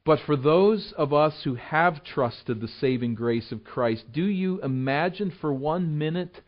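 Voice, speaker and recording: A man preaching a sermon as a pastor, building emphasis on scripture and dropping low and soft for earnest appeals. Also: measured pace. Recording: dull lo-fi sound.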